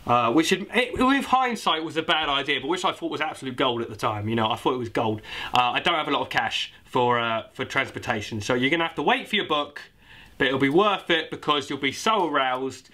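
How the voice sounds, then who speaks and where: A man's voice: medium pitch, sharp tone. A young British man in a comedy sketch, playing an awkward, rambling author plugging his own book. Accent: British English. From Britain. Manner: rambling, awkward, self-promoting. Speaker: comic playing a self-published author.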